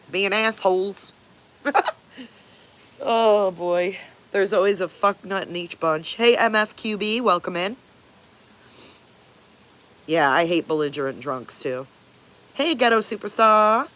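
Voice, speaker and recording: A woman's voice: mid-range voice, slow, long pauses, fairly bright tone. An older woman hosting a casual livestream, greeting viewers and answering their comments in a blunt manner, swearing freely and chuckling often. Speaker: livestream host.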